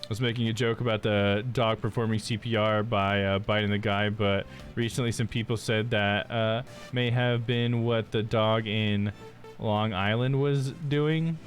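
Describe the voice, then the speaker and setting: A man's voice: lowish voice, steady tone, normal speed, faint music behind. A male streamer chatting casually while he plays a game, laughing often and calling people "dude".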